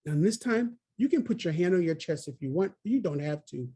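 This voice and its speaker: A man's voice: on the high side, animated, a little fast, dark tone, breathy edge. A man training early childhood staff in a webinar on a video call, talking in an encouraging way and coaxing listeners by name. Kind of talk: webinar presentation.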